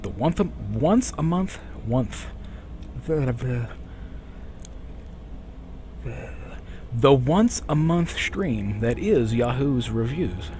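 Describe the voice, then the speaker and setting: A man streaming a game live, chatting with viewers in a rambling way. He keeps correcting himself and clearing a sore throat. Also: medium pitch, sing-song, drawn-out words, long pauses, warm tone, slight background noise. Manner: rambling, self-correcting, reads chat aloud. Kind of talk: casual live-stream chat.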